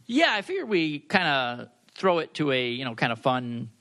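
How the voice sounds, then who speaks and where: A man's voice: fairly high pitch, very animated, normal speed, sharp tone. A man co-hosting a podcast in casual chat, rambling and making self-deprecating jokes. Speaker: podcast co-host.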